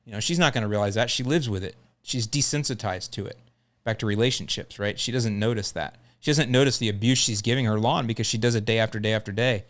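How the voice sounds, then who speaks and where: A man's voice: lowish voice, quick pace, a bit bright. A middle-aged man hosting a lawn care podcast, telling a story in a casual, joking way.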